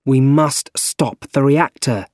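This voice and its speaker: A man's voice: mid-range voice, takes it slowly, darkish tone, no room sound, studio quality, close to an everyday voice. A man voicing an earnest young male hero in a storybook reading. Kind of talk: storybook character voice.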